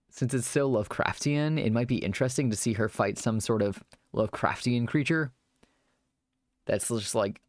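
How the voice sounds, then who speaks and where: A man's voice: mid-range voice, no room sound, clean studio sound. A man chatting casually on a live stream, rambling at length and thanking viewers as they follow.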